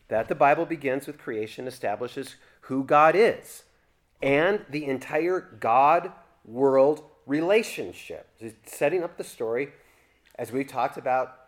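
A man teaching a church theology seminar, talking conversationally and asking the class questions. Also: medium pitch.

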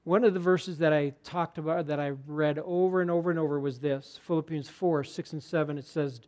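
Man, pastor, preaching, fairly high pitch, earnest, conversational, hushed moments. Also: fairly even intonation, brisk, hardly any pauses. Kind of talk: sermon.

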